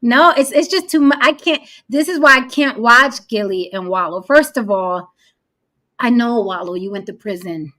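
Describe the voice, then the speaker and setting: A woman's voice: a little high, moderate pace, bright, forceful tone. A woman from New York co-hosting a podcast in casual chat, blunt and joking, swearing freely. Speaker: podcast co-host.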